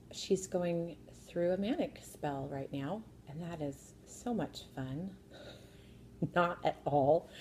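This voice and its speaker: A woman's voice: low voice, warm tone, slight background noise. A mother casually telling a family story from her kitchen bar, wry and laughing at herself. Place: sitting at a home kitchen bar.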